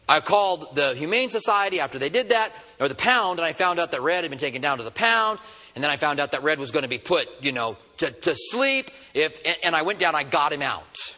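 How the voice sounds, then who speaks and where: A man preaching a sermon, telling a funny story with animated delivery. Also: a little high, fairly quick, long reverb tail. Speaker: pastor. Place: church.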